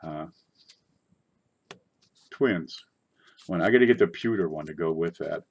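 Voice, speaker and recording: A man with a fairly low voice hosts a casual coin show from his desk. He rambles in a chatty way and breaks into sudden excited outbursts. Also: unhurried, muffled recording. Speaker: coin collecting channel host. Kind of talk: casual livestream chat.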